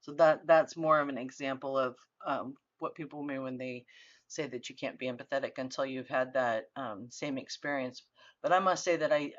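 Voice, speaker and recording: A middle-aged woman lectures in an earnest, conversational manner, often pausing on fillers and restarting her sentences. The recording is dry and a little muffled, with no room sound. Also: very deep voice, no echo. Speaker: university lecturer.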